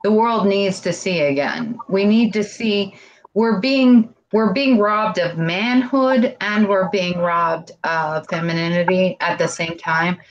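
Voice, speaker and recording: Slow, rambling woman guest. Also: medium pitch, highs cut off. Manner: rambling and earnest, heavy on "like". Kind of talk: casual live-stream chat.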